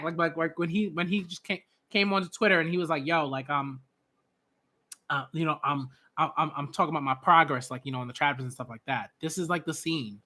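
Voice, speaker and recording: A man hosting a live manga reaction, talking in an excitable, gushing way with lots of fillers. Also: on the high side, brisk.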